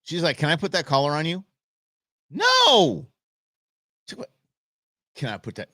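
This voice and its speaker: A man's voice: on the high side, animated, rapid-fire, fairly bright tone, no echo, clean studio sound. A man hosting a live stream, chatting casually and telling stories with goofy voices for animals. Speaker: livestream host. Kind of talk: casual chat.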